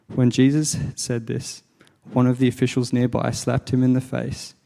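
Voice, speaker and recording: A man reading a Bible passage aloud in church, in a gravelly, low-key way. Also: monotone, moderate pace, warm tone. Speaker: scripture reader.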